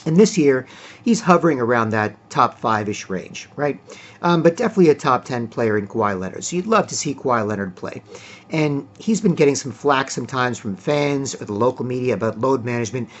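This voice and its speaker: Guy rambling about basketball, lots of ums and uhs, keeps clearing his throat, ordinary mid voice. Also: medium pitch, expressive, a little fast, highs cut off. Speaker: sports commentator. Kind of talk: casual solo sports talk.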